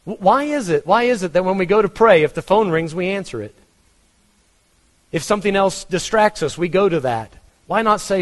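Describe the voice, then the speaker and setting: A man's voice: sits high, lively intonation, normal speed, long reverb tail. A man with a Texan accent preaching a conversational sermon, asking his congregation questions. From Texas. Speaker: pastor.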